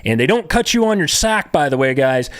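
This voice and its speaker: A man's voice: fairly high pitch, very animated, brisk, no room sound, studio quality. A young man telling his own story casually to viewers, rambling with many fillers and repeated words.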